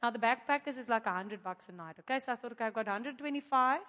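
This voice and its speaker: A woman tells her testimony to a congregation in a bright, sharp voice. She is animated, laughs often and acts out the people she quotes. Her voice carries a long echo from a large hall. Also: fairly high pitch, quick pace. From Africa. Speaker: speaker giving a testimony to a congregation. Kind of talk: lively testimony storytelling. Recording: echoey hall.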